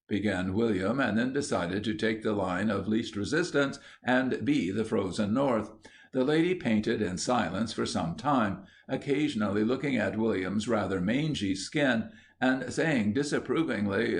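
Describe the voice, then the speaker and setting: A man's voice: lowish voice, unhurried. Man narrating a storybook. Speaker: audiobook narrator. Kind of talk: audiobook reading.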